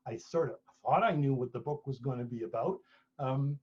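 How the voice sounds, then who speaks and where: A man's voice: mid-range voice, normal speed, husky, highs cut off. A middle-aged man talking casually at a book launch, telling stories with many restarts. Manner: chatty storyteller, many restarts. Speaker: author and speaker. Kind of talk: conversational talk at a book launch.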